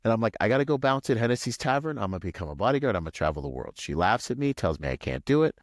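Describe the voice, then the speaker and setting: A man from Washington State, a podcast guest, telling a long personal story in a rambling, animated way full of "like" and "you know.". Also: very fast, no echo, studio quality. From Washington State, USA. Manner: acts out quoted voices with pitch jumps. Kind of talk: casual storytelling interview.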